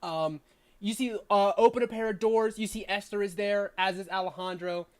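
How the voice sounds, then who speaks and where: A game master narrating a tabletop game, speaking at a medium pitch. The delivery is loose and conversational, full of "um"s and "like"s. Scene-setting drifts along casually. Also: fairly even intonation, moderate pace, smooth. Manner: loose, chatty narration with frequent fillers and laughs.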